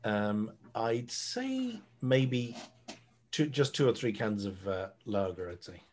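A man's voice: medium pitch, big pitch swings, takes it slowly, darkish tone, slight background noise. An Irish man chatting on a podcast, laid-back and jokey, swearing casually. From Ireland. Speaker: podcast guest. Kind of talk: casual chat.

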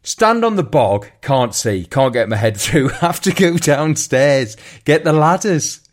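A man's voice: on the high side, measured pace. A man, co-host of a casual chat show, telling a story with lots of swearing and laughter. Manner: animated, swears a lot, laughs through stories. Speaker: podcast co-host.

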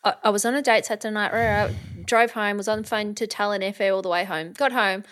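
A young woman co-hosting a casual podcast, chatty and animated as she tells stories. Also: medium pitch, quick pace. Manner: chatty storyteller, acts out quotes, laughs. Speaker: podcast co-host. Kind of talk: casual chat.

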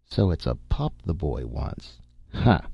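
A man's voice: extremely low pitch, big pitch swings, takes it slowly, vocal fry, slightly rough, no echo, lo-fi sound, heavily acted. A man reading the part of a genial family doctor who jokes and dodges questions. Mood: jovial. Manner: jovial, evasive.

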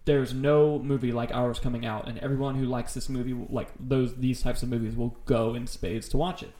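A man's voice: mid-range voice, level tone, brisk, mellow. A man co-hosting a casual podcast, talking about horror films with enthusiasm and a lot of swearing. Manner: enthusiastic, rambling, swears freely. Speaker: podcast co-host. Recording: roomy echo.

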